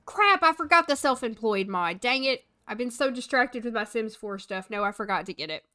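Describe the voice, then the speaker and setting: Bright-voiced woman streamer chatting over gameplay. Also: fairly high pitch, expressive, a little fast. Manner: chatty, bossing her game characters aloud and answering chat. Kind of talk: live gameplay commentary.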